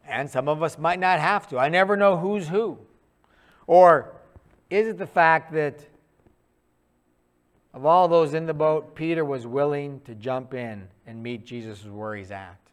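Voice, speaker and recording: A man preaching a sermon in a conversational, animated storytelling way, acting out quick asides. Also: a little high.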